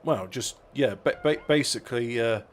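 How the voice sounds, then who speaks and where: A man's voice: medium pitch, moderate pace, slight background noise. A man, co-hosting a casual chat podcast, rambling with frequent restarts and fillers. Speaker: podcast co-host.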